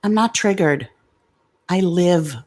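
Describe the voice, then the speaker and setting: A woman's voice: fairly low pitch, slow pace, a little mellow. A middle-aged woman hosting a casual livestream, blunt and confrontational with commenters, swearing freely. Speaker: livestream host.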